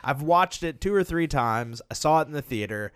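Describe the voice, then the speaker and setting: A man co-hosting a podcast, chatting casually and excitedly about movies, swearing now and then. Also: fairly high pitch, moderate pace, clear, resonant tone, dry recording, studio quality. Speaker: podcast co-host. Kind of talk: casual chat.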